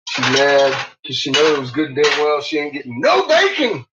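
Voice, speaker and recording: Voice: mid-range voice, wildly swooping pitch, moderate pace, heavy background noise. A home cook vlogging casually in a kitchen, laughing often, swearing freely and cooing at the pets while cooking. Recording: dull lo-fi audio with loud dogs and clicks.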